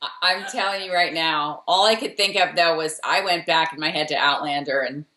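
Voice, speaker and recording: A woman's voice: sits low, bright, forceful tone, slight background noise. Chatty woman co-host in an echoey room. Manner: chatty, quick asides. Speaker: podcast co-host. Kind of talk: casual recap chat. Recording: roomy echo.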